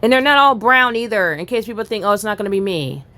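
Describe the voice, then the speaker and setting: A woman's voice: mid-range voice, animated, fast talker, pushed and bright. A woman angrily reading news aloud and ranting about it in a profane political vlog commentary. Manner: furious, profane, reads news aloud then rants.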